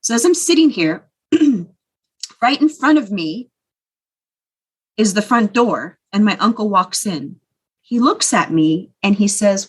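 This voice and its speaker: A woman's voice: mid-range voice, expressive, takes it slowly, long pauses, breathy edge. A woman talking as a podcast guest, telling her own life story in a candid, earnest way. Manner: candid, earnest recounting of painful memories. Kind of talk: personal storytelling.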